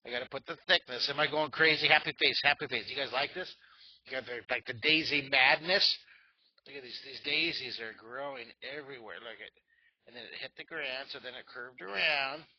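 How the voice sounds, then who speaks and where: A man's voice: mid-range voice, brisk. A middle-aged man leading a drawing lesson for children, thinking aloud and cheering on his young viewers. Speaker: drawing teacher. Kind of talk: live drawing lesson for kids. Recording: dull lo-fi sound.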